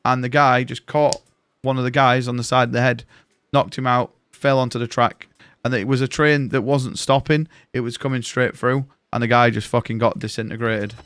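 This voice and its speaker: A man's voice: mid-range voice, steady tone, normal speed, a bit bright, smooth. Man telling rambling stories. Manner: rambling storyteller, swears freely. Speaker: game streamer. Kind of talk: casual chat while gaming.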